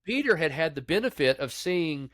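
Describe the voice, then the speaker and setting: A pastor tells his story of grief and faith in a podcast interview, candid and plainspoken. He's very animated and acts out quoted voices, but goes quiet and low when recounting grief. He talks at normal speed, and the studio-quality recording is dry.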